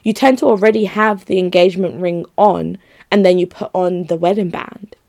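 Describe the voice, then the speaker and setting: A woman's voice: fairly low pitch, steady tone, normal speed, creaky, darkish tone, no echo, clean studio sound. A young woman chatting casually on her own to her listeners, rambling and giggly. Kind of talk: casual solo chat to listeners.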